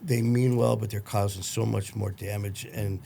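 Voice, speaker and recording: A man's voice: fairly low pitch, fairly even intonation, normal speed, vocal fry, warm tone, a little hiss or hum. A man hosting a podcast, interviewing a guest and telling his own story in a reflective way. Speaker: podcast host. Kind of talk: conversational interview.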